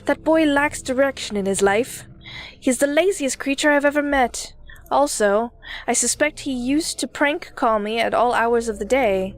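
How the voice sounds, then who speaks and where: A woman's voice: sits high, moderate pace, lightly acted. A woman voicing a pompous elderly man with a British accent who claims to be God. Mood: haughty. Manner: smug, self-important, condescending.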